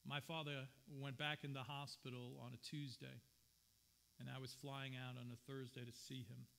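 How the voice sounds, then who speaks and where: A man's voice: mid-range voice, flat delivery, normal speed, creaky, a bit bright, a little hiss or hum. A man preaching a sermon as pastor, earnest and personal, telling stories from his own life in a church. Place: church sanctuary.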